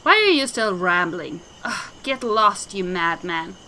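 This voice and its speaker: A woman's voice: on the low side, sing-song, unhurried, bright, forceful tone, slight background noise, heavily acted. A woman voicing a hot-tempered young girl who fiercely defends her teacher and scolds whoever insults him. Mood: angry. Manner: indignant, scolding. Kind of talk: game dialogue voicing.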